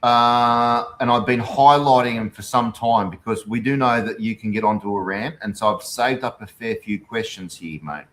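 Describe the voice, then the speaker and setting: A man with an Australian accent hosting a casual interview, firing off quick questions in a matey way. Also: mid-range voice, fairly bright tone. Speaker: host.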